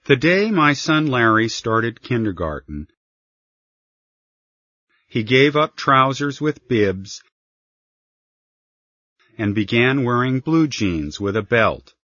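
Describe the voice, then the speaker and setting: A man narrating a written story in a calm, unhurried storytelling manner. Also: mid-range voice, no echo. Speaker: reader. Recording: slightly muffled dry recording.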